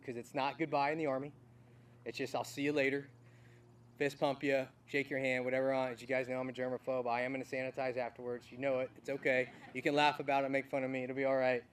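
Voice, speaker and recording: A middle-aged army general delivers an earnest, heartfelt farewell speech at an outdoor ceremony, mixing formal thanks with casual, folksy asides. His voice sits at an ordinary pitch for a man. The mic catches him from some distance. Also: flat delivery, fast talker. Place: outdoor military ceremony field.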